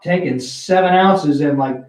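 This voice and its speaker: A man's voice: on the high side, a little slow, recorded from a distance. A man telling a long story in casual chat at a poker game, swearing freely and acting out what his friends said. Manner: profane, animated storyteller who acts out quotes. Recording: roomy echo, away from the mic.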